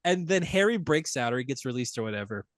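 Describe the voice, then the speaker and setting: A man's voice: mid-range voice, lively intonation, fast talker, dry recording. A young man on a podcast, chatting casually and animatedly, telling stories and swearing freely. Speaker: podcast host. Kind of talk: casual chat.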